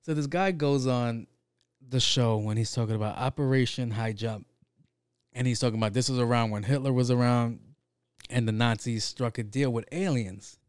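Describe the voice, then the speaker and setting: A man's voice: medium pitch, moderate pace, a little mellow, clear, resonant tone, dry recording, studio quality. A man talking in a loose, rambling monologue, swearing often and leaning on fillers. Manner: profane, rambling, with frequent fillers.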